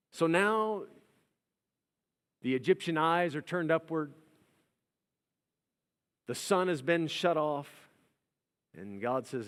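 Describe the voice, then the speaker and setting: A male pastor preaching a sermon with dramatic delivery, acting out quoted voices and swinging from loud to hushed. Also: fairly high pitch, lively intonation, unhurried, long pauses, long reverb tail. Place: church sanctuary.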